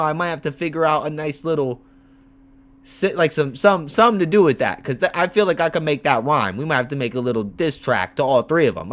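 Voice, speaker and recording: Animated high-voiced man ranting. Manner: animated, heated, profane storytelling. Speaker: streamer and MMA content creator. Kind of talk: livestream rant.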